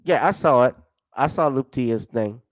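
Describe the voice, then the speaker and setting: A man's voice: medium pitch, expressive, normal speed, low-quality recording. A man hosting a casual commentary stream, rambling conversationally and addressing viewers by name. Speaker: host.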